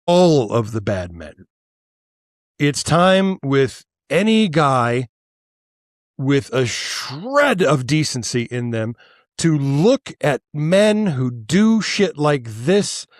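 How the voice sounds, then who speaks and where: A man's voice: mid-range voice, dry recording, clean studio sound. A male podcast host delivering a heated, profane political monologue, worked up and angry, stammering and restarting as he goes.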